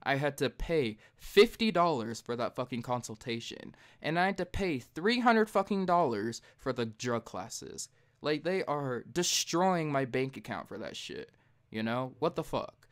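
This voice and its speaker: Profane, heated young man telling stories. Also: unhurried. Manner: profane, heated, animated retelling; jumps high and loud when mimicking himself. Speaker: podcast host. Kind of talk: casual late-night podcast storytelling.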